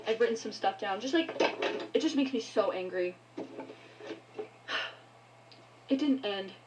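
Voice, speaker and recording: A woman's voice: medium pitch, animated, a little mellow, slight background noise, poor audio. A woman ranting angrily to her viewers, swearing often and breaking off mid-sentence. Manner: angry, swearing, halting. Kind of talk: heated rant to camera.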